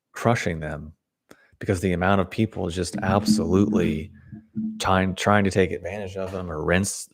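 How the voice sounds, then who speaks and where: Deep gravelly guy ranting casually to the camera, just venting. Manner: candid, ranting, acts out quoted people. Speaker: video creator. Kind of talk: casual monologue.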